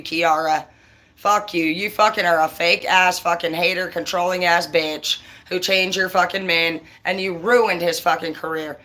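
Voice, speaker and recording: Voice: mid-range voice, bright, forceful tone. A tarot reader on a casual live stream who swears constantly and talks in a blunt, heated rant. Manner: profane, heated and ranting; blunt and confrontational.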